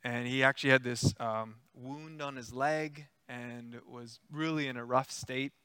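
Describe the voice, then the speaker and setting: A man preaching a sermon, retelling a story in a conversational, animated way with acted-out quotes. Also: mid-range voice, unhurried, smooth, no room sound.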